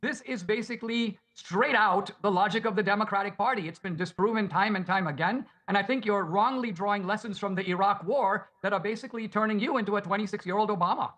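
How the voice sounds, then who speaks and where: Male debater, lecturing tone, quite high voice, quick delivery. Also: fairly bright tone. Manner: lecturing, rhetorical questions. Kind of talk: debate argument.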